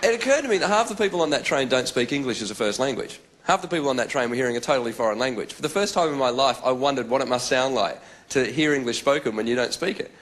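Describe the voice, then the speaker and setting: A man with an Australian accent doing stand-up comedy in a lively, chatty storytelling way. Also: medium pitch, quick pace, few pauses, a little hiss or hum.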